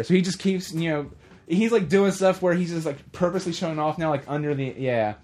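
A man co-hosting a casual podcast, retelling film scenes in a lively way and acting out the characters' lines in quick voices. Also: a little high, soft background music. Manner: animated storyteller who acts out movie scenes in quick voices. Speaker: podcast co-host. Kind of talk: casual movie chat.

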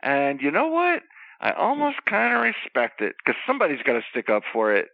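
A man telling rambling, profane wrestling stories in a casual chat, animated and quick to jump from one tangent to the next. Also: fairly high pitch, vocal fry, no room sound. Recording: slightly dull, dry sound.

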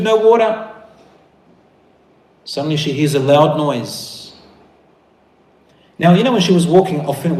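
A man preaching a sermon to brothers and sisters, telling a story with animated, rising emphasis. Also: fairly high pitch. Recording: echoey room.

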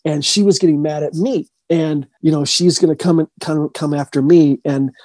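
Man, ghost-hunter guest; mellow husky voice, rambling, restarts a lot, dry close mic. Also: a little high, steady tone, no echo. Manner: rambling, halting, with frequent restarts. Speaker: paranormal investigator. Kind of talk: casual storytelling interview.

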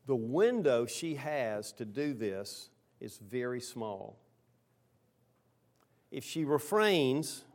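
A middle-aged man preaching a sermon in a middle-pitched voice. He speaks earnestly, lifting his voice to stress key lines and dropping quiet for stories and asides. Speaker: pastor.

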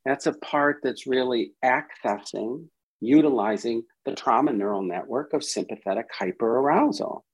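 A man's voice: mid-range voice, normal speed, breathy edge, poor audio. A man, a psychiatrist guest on a podcast, explaining with animation and acting out inner voices as quotes.

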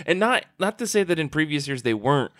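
A man's voice: fairly high pitch, sing-song, fast talker, a bit bright, no echo, clean studio sound. A man hosting a podcast, chatting casually and rambling with laughs and swearing. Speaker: podcast host. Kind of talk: casual chat. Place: convention floor.

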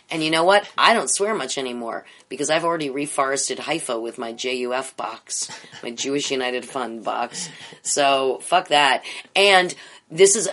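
Woman, low voice, middle-aged, blunt, swears a lot, animated interview talk. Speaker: improv teacher. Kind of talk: candid interview chat.

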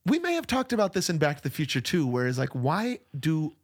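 A man's voice: on the high side, wildly swooping pitch, brisk, breathy edge. A man co-hosting a podcast, chatting casually about a movie and laughing often. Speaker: podcast co-host. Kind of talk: casual movie-review chat.

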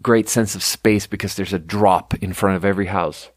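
A young man from Sweden rambles through personal stories on his podcast, swearing casually and poking fun at himself. His voice sits a little low. The sound is close and dry, with no room around it. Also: steady tone, moderate pace, no room sound. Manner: rambling, profane, self-deprecating storytelling. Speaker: podcast host. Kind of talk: casual monologue. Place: home room.

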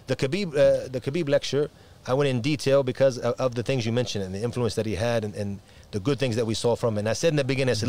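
A man from America, an imam, chatting quickly and animatedly, full of restarts and Arabic phrases. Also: medium pitch, fairly even intonation, darkish tone. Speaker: imam and preacher. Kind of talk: casual podcast conversation.

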